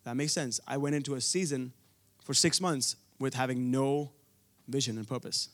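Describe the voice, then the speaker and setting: A man's voice: mid-range voice, normal speed, fairly bright tone. A young man from India preaching a sermon, telling a personal story earnestly, with frequent restarts.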